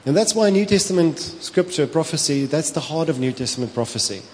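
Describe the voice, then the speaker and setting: Animated South African pastor preaching. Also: male voice, a little high, a little fast, slight background noise. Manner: animated storytelling, slips into Afrikaans, laughs often. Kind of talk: sermon. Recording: long hall reverb with faint ambience.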